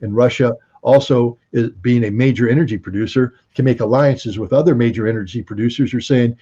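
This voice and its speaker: Man, interview guest, husky mellow voice, emphatic and sardonic, dull lo-fi sound. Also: mid-range voice, fairly even intonation, brisk, hardly any pauses. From United States. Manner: emphatic, sardonic, rhetorical questions. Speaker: guest commentator. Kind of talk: interview commentary. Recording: dull lo-fi recording.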